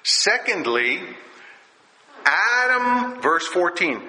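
A man delivers a sermon at an unhurried pace. His voice swings widely in pitch as he poses rhetorical questions. The sound is roomy, with noticeable echo. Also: very animated, pushed and bright. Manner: rhetorical, keeps asking "all right?". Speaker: preacher. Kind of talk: sermon teaching. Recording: echoey room.

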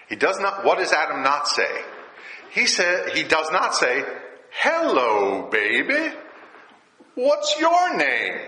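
A man delivers a sermon at an unhurried pace. His voice swings widely in pitch as he poses rhetorical questions. The sound is roomy, with noticeable echo. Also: pushed and bright. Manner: rhetorical, keeps asking "all right?". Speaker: preacher. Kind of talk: sermon teaching. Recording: echoey room.

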